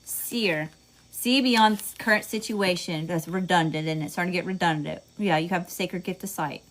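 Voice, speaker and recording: A woman's voice: fairly low pitch, moderate pace, slight background noise. A woman with a Southern US accent giving a casual tarot reading, chatty and swearing freely as she talks to her audience. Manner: chatty, swears freely, says y'all a lot, laughs at herself. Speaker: tarot reader.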